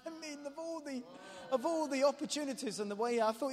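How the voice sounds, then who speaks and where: A man preaching a testimony as an animated, self-mocking storyteller, often restarting his sentences. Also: very high voice, fast talker, hardly any pauses. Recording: echoey hall reverb.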